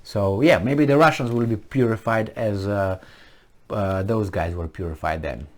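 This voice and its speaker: A man's voice: lowish voice, normal speed, slight background noise. A man hosting a solo commentary vlog, talking emphatically with rhetorical questions and frequent restarts. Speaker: channel host.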